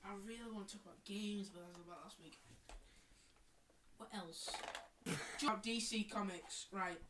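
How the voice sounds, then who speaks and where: A woman co-hosting a podcast in chaotic casual chat, rambling and giggly with loud silly outbursts. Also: mid-range voice, moderate pace. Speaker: podcast co-host. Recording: echoey room, distant mic, faint noise.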